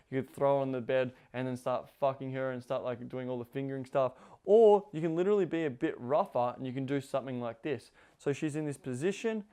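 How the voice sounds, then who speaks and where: A man's voice: mid-range voice, mellow, clean tone. A man giving casual spoken instruction as a coach, rambling with lots of "like" fillers. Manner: rambling, heavy use of "like" fillers. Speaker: intimacy coach.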